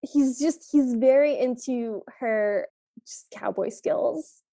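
A woman's voice: fairly high pitch, slow pace, warm tone, dry recording. A woman co-hosting a podcast, chiming in with easygoing recap chat. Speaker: podcast co-host. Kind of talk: casual movie recap chat.

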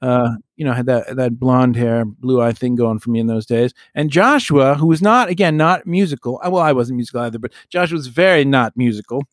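A man's voice: medium pitch, fairly quick, few pauses, dry recording, studio quality. A middle-aged man co-hosting a podcast in casual chat, joking and exaggerating for fun. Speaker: podcast co-host.

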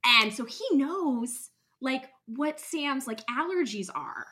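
Podcast co-host, female, bright and animated, casual book chat. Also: sits high, slow. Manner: animated, lots of "like", laughs while reading. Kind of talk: casual book chat, reading excerpts aloud.

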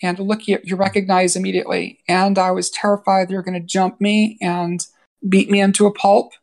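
Woman from new york, podcast guest, gravelly voice, earnest and emotional, lots of restarts. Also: mid-range voice, level tone, a little fast, a little mellow. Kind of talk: candid personal interview.

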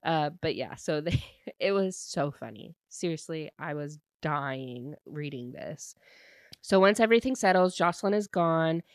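A woman's voice: low voice, animated, a little slow, dry recording. Chatty woman recapping a book. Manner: chatty, heavy use of "like" fillers, laughs while retelling. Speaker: book reviewer.

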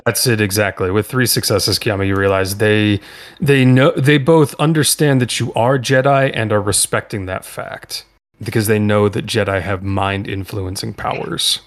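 A man narrating as game master of a tabletop role-playing game, in loose, halting speech full of fillers. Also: fairly low pitch, fairly even intonation.

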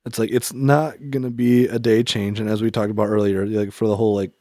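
A man's voice: lowish voice, little pitch movement, fairly quick, darkish tone, no room sound, clean studio sound. Rambling, reflective man in casual chat. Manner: rambling, reflective, heavy on "like" and restarts. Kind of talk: casual faith-themed chat.

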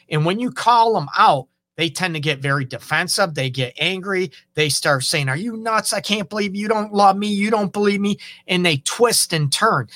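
Bright-voiced man giving relationship advice. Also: on the high side, no room sound. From Detroit area. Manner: conversational, acts out quoted dialogue, frequent "okay?" and "you know". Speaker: relationship counselor and show host. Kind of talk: casual advice talk.

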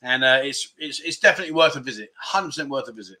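A man's voice: on the high side, lively intonation, fast, hardly any pauses, sharp tone. A man hosting a casual livestream, reading out viewer guesses and teasing the chat in a jokey way. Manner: jokey, banters with chat, lots of mate and no. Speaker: livestream host.

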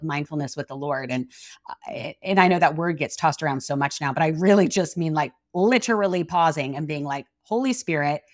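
Female co-host in her 40s, conversational and expressive, lower pitch, dry close mic. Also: dry recording. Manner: chatty, acts out quoted dialogue, many likes. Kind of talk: faith-based podcast chat.

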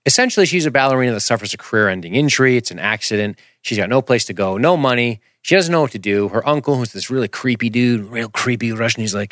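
A man hosting a podcast, reviewing a film in an animated, rambling, jokey casual chat. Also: mid-range voice, fast, few pauses, dry recording, clean studio sound. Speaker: podcast host.

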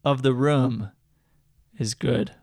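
A man's voice: medium pitch, steady tone, slow, creaky, darkish tone, no room sound, studio quality. A man co-hosting a podcast in casual chat, playful and bantering as he reads listener reviews aloud. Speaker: podcast co-host.

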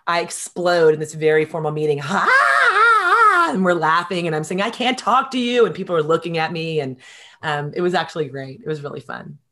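A middle-aged woman telling stories in a casual interview, animated and quick, with many fillers. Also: sits low. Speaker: guest.

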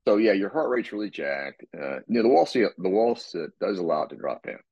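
Very deep husky man, rambling. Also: sing-song, brisk, dry recording, lo-fi sound. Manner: rambling, with repeated restarts and throat clearing. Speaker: guest describing his workout. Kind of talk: casual podcast talk.

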